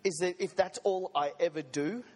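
A man's voice: high-pitched, normal speed, big-room sound. A man preaching a sermon to a congregation, in a conversational manner with joking asides. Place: church service.

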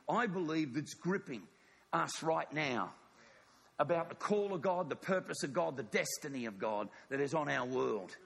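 A man preaching a sermon, telling a story with animated acted-out dialogue. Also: high voice, creaky, breathy edge.

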